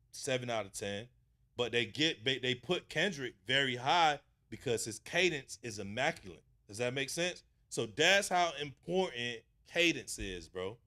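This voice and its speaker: A man hosting a casual commentary, coaching a rapper in animated street slang. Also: medium pitch. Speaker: host reviewing rap submissions.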